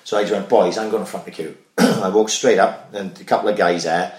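A man's voice: low voice, fairly quick. A man in casual podcast chat, telling a night-out story with lots of swearing. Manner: sweary, animated storyteller who drops his voice for asides. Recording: echoey room.

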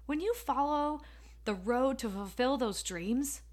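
Female podcast host, fairly high voice, emotional and emphatic motivational storyteller. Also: lively intonation, takes it slowly.

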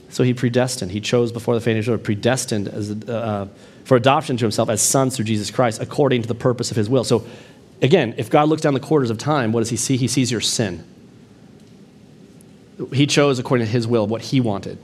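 A man preaching a sermon, reading scripture in a low, slow voice and rising when he presses a point. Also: a little mellow, breathy edge. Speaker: pastor.

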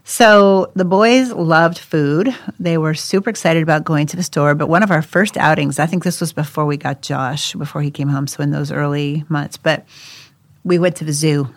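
Middle-aged woman, low voice, lively storyteller, dry close sound. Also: no room sound. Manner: animated storyteller, acts out quotes, laughs often. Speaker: adoptive mother guest. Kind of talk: casual storytelling chat.

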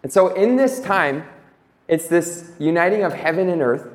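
A young man giving an informal religious talk to a group, earnest and reading scripture slowly and reflectively. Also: fairly high pitch. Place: room with an audience. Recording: echoey room.

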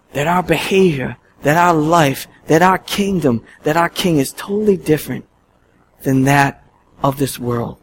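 A man preaching a sermon as pastor, telling a story in an animated, emphatic way. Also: on the high side, slight background noise, poor audio. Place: church.

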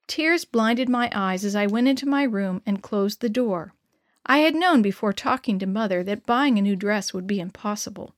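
A woman reading a story aloud for children, gently addressing young listeners as their storyteller. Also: mid-range voice, normal speed, no room sound, clean studio sound.

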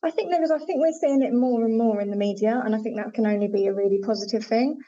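A woman's voice: fairly high pitch, fast talker, mellow. A woman linguistics researcher answering interview questions thoughtfully, with frequent fillers and hedges. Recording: dull lo-fi audio with faint noise.

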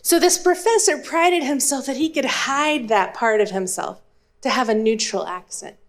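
A woman's voice: high voice, normal speed. A woman in her thirties from East Texas, with an East Texas accent, telling a humorous, self-deprecating story as a speaker to a live audience. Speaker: speaker and Spanish teacher.

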